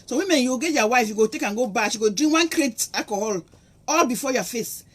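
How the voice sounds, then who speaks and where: Fast-talking Nigerian Pidgin woman preaching. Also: fairly high pitch, expressive, husky. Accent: Nigerian Pidgin English. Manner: impassioned and preachy, acts out quotes. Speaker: vlogger. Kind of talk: monologue to camera.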